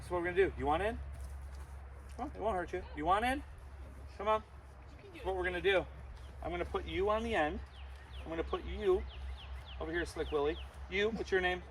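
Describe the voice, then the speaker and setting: Brief: man, animal show host for kids, jokey, a touch high-pitched, faint noise behind. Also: a little fast, pauses often. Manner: playful, joking with the kids.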